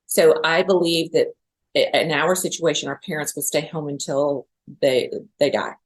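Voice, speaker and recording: A woman's voice: deep voice, normal speed. A middle-aged woman guest on a podcast interview, speaking earnestly and emotionally. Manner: emotional, earnest, tearful at times. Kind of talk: interview conversation.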